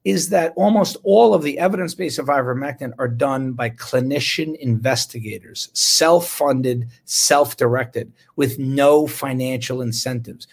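A physician with a mid-range voice and vocal fry gives an impassioned talk about medical research. He's indignant and sarcastic, breaking into bursts of laughter.

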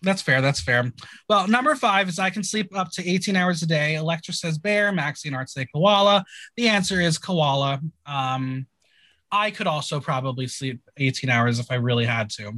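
His voice sits on the high side at a moderate pace, in a dry recording. As a podcast host, he chats casually through a TV show recap, animated and full of jokes and laughter.

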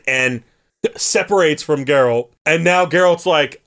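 A man's voice: fairly high pitch, moderate pace, a bit bright. A man chatting casually as a podcast host, animatedly retelling a video game story and slipping into character voices.

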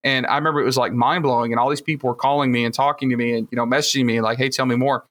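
A man's voice: mid-range voice, fairly even intonation, rapid-fire, a bit bright. A man with a Southern Alabama accent, telling rambling, enthusiastic stories with plenty of fillers on a casual podcast. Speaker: podcast guest, future host.

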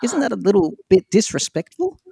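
A man's voice: sits high, big pitch swings, brisk, vocal fry, dark tone, breathy edge, no room sound. A man hosting a casual podcast chat, teasing his co-hosts in a playful, mock-scolding way. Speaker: podcast host.

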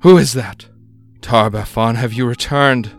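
A man voicing an ancient, abandoned lake monster that pleads in a quavering voice, rising to loud wails. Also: mid-range voice, unhurried, gravelly, soft background music, voice pushed up. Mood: mournful pleading.

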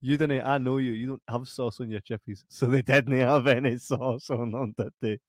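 A Scottish man co-hosting a casual podcast, retelling a film in an animated, sweary way. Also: mid-range voice, moderate pace, no room sound, studio quality. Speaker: podcast co-host. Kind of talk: casual late-night chat.

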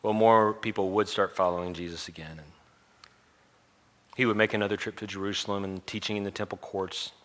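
A man delivering a sermon in a low, forceful voice. He retells a story with animated energy, swinging between quiet asides and loud chanted crowd lines. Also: a little fast. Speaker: preacher.

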